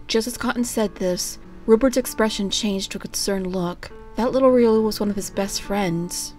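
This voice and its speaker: A woman narrating a fan fiction reading in a steady, plain storytelling manner. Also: mid-range voice, moderate pace, hardly any pauses, faint music behind.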